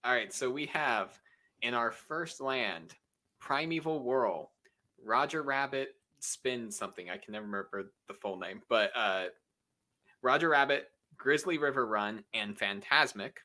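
A man's voice: mid-range voice, measured pace, bright, forceful tone. A man hosting a casual podcast game, upbeat and laughing often as he reads out lists to his guests. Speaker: podcast host running a naming game. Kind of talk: casual chat.

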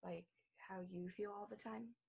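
An actress playing a childlike grown woman who pleads with her stern mother in an earnest, halting way. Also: mid-range voice, steady tone, gravelly, darkish tone, slightly rough. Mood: subdued. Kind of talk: stage drama acting.

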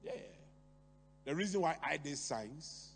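A middle-aged man preaching a sermon, talking to the congregation with lively rhetorical questions and asides. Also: a little high, measured pace. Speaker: pastor. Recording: long hall reverb, faint hum.

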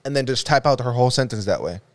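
A man's voice: mid-range voice, expressive, fast talker, crowd noise. A man co-hosting a podcast in casual chat, laid-back and profane, laughing often. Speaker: podcast co-host.

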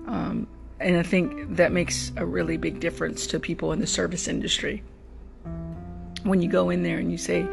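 Rideshare driver rambling thoughtfully, gravelly fry in the voice, guitar music strumming underneath. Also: medium pitch. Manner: thoughtful, repeats words while searching for them. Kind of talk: casual reflective monologue.

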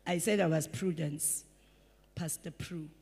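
Breathy woman preaching in a hall. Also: low-pitched, unhurried. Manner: animated preaching, acting out quoted voices. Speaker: pastor. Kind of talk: sermon. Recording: breathy voice in a large reverberant hall.

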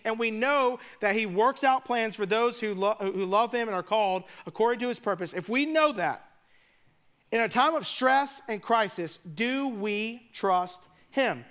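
A man's voice: sits high, fairly bright tone, clean tone. A man preaching a sermon, retelling scripture in a casual, joking way with conversational asides. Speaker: pastor.

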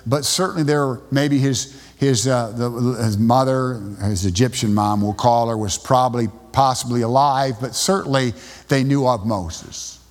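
A man preaches in a mid-pitched voice, retelling stories in a halting way with frequent restarts. His voice carries a long reverb, as in a church sanctuary. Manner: halting storytelling with many restarts. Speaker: pastor. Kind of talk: sermon. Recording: long reverb in a large hall.

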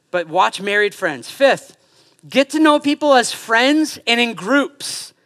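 A man in his thirties preaching a sermon in a church, animated and joking, acting out quoted voices as he goes. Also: high-pitched. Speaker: pastor. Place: church sanctuary.

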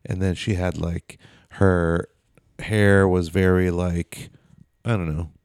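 A man with a very low, gravelly voice chats on a podcast. He rambles through his stories, full of "like" and restarts. The sound is dry and close to the mic. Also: level tone, slow, a little mellow, no echo. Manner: rambling, filler-heavy storytelling. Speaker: podcast co-host. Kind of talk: casual chat.

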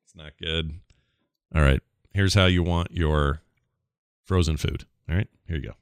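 A man hosting a podcast, joking sarcastically about film clips and slipping into quick impressions. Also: a bass voice, steady tone, smooth, dry recording. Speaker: podcast host.

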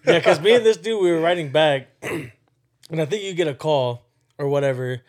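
A young man in casual podcast chat, telling a story in an excitable way and laughing through it. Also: a little high, moderate pace.

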